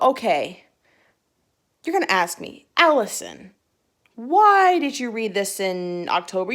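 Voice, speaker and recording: A young woman chatting casually to her phone camera about books she read, giggly and rambling with restarts. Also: mid-range voice. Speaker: book vlogger. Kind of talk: casual book chat to camera.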